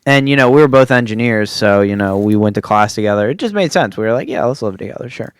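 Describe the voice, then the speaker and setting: A man's voice: fairly low pitch, expressive, quick pace, smooth, no echo. A man in his twenties telling a rambling story on a podcast, full of fillers and laughing asides. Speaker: podcast host. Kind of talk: casual storytelling.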